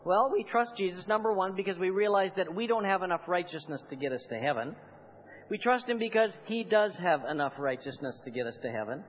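A man's voice: high voice, animated, fairly quick, lo-fi sound. A man preaching a sermon to his congregation as their pastor, calling on them to repeat after him and building to emphatic, repeated phrases. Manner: building to fervent, emphatic repetition; calls on the congregation to respond.

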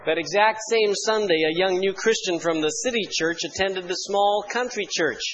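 Here a pastor speaks in a high, somewhat bright voice at normal speed, though the audio is dull and carries a little background noise. His sermon opens with drily witty church stories and a mock-solemn reading of an archaic hymn, then shifts to scripture.

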